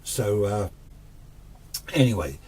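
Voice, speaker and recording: A man's voice: fairly low pitch, animated, takes it slowly, darkish tone, slightly rough. A man telling a ghost story in a casual, rambling way, often repeating himself.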